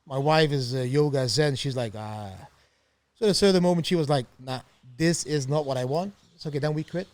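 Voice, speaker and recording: A middle-aged man, telling his story as a podcast guest in an animated way and laughing often. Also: on the high side, fast, few pauses, no echo. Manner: animated, laughs often, acts out quoted voices. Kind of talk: storytelling interview.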